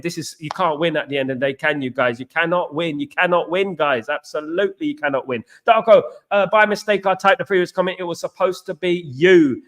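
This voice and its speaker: A man's voice: fairly high pitch, a little fast, hardly any pauses, fairly bright tone. A man hosting a football live stream, chatting with viewers, greeting them by name and leaning on stock phrases. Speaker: football channel host. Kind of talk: live stream chat answering viewer comments.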